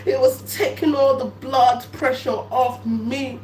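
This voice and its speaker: A woman in a drawn-out, repetitive, mock-wailing comedy riff, half singing her lines. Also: high-pitched, fairly even intonation, darkish tone. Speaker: comedic content creator. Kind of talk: improvised sing-song comedy riff. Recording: echoey room, far from mic, faint hum.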